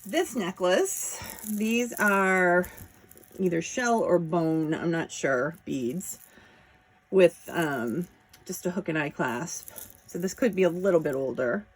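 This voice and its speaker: A jewelry seller shows off her auction finds one piece at a time in a casual show-and-tell chat, admiring each as she handles it. Her voice is lowish, slow, and husky, and she keeps up a chatty stream of talk.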